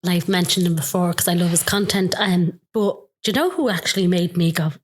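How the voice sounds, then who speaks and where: Lady host, chatting casually, asks soft personal questions. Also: lowish voice, brisk, husky. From Ireland. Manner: gentle, probing questions. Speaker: podcast host. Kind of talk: casual interview chat.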